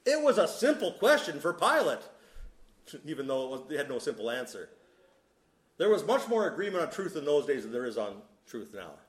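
A man preaching a sermon, emphatic and deliberate, with sudden drops to a soft voice. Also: on the high side, sing-song. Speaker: pastor. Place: church sanctuary. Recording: echoey room.

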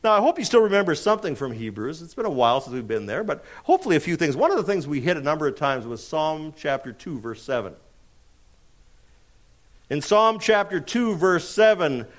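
His fairly high-pitched voice drives an emphatic expository sermon, where he raises rhetorical questions, answers them, and slows dramatically on the phrases that matter most.

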